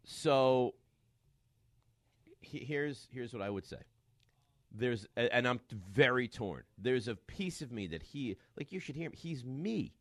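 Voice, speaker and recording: A middle-aged man hosts a sports radio show with a lively, swooping voice and dry studio sound. He banters casually with his co-host and acts out family stories in quick voices. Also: medium pitch, dry recording. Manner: animated storyteller, acts out family quotes. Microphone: studio microphone.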